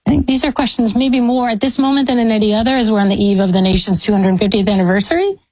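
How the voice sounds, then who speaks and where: A woman's voice: on the high side, fast talker, darkish tone, no echo, low-quality recording. An American woman historian giving long, thoughtful, academic answers in an interview. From United States. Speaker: historian, guest. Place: speaking from a law school.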